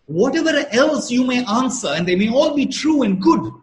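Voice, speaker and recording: A man preaching a sermon at a slow, emphatic pace, repeating key phrases for weight. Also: extremely high pitch, very animated, a little hiss or hum, low-quality recording. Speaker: pastor.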